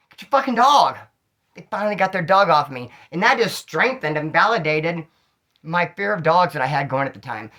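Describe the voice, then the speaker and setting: A man telling stories from his own street life in casual slang, animated and acting out the dialogue. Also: fairly high pitch. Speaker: storyteller recounting street life. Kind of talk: casual storytelling monologue.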